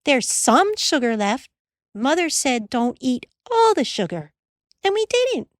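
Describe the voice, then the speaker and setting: Woman putting on a high sweet little girl, soothing, hopeful. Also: very animated, unhurried, no echo, clean studio sound. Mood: cheerful. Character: cheerful gentle younger sister, young girl.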